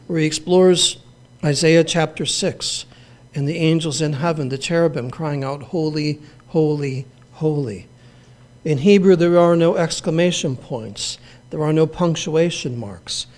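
A man preaching a sermon, earnest and measured, leaning on emphatic repetition. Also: on the high side, darkish tone. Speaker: pastor.

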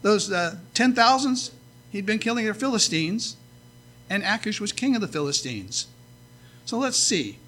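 Bright, high-voiced male preacher. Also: big pitch swings, a little slow, slight background noise. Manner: earnest, rising to emphatic scripture readings. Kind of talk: sermon.

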